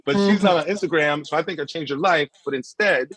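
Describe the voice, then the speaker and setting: A man doing a live stand-up comedy routine, telling an animated story with punchy asides and frequent "right?" check-ins, streamed from home. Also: fairly high pitch, a little fast, poor audio.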